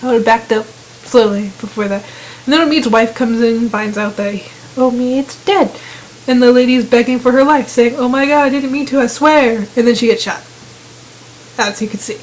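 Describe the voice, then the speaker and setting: A woman's voice: a little high, fairly even intonation, normal speed, darkish tone, a little hiss or hum, low-quality recording. Chatty young-sounding woman retelling gameplay. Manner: chatty retelling with quoted voices. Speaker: gamer narrating gameplay. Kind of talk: casual gameplay commentary.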